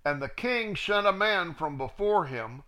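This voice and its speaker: A man's voice: high voice, lively intonation, unhurried, sharp tone. A man teaching the Bible verse by verse, reading passages aloud and adding plain asides. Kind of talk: verse-by-verse scripture reading with commentary.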